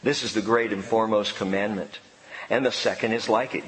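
A man's voice: fairly low pitch, a little fast, a bit bright. A man preaching a sermon, telling a personal story with self-mocking humor. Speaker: pastor. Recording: long reverb of a church hall.

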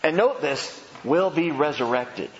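A man preaching a sermon, emphatic and animated, asking rhetorical questions. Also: a little high, a little slow, long reverb tail, lo-fi sound. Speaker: pastor.

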